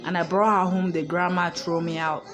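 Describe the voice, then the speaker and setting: A woman's voice: fairly low pitch, steady tone, normal speed, a bit bright, faint music behind. Outspoken woman vlogger, emphatic. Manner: emphatic and outspoken, swears freely. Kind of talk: casual storytelling monologue. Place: hotel room.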